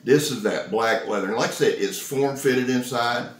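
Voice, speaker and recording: A man, talking through a casual knife-review vlog in an excitable, folksy, joking way. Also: medium pitch, moderate pace. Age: 50s. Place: indoor room. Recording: roomy, echoey sound.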